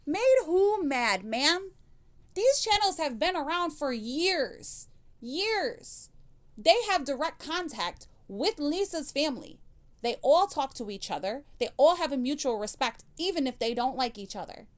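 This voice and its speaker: A woman's voice: sits high, animated, measured pace. A woman hosting a reaction commentary channel, blunt and scolding, swearing freely as she answers clips.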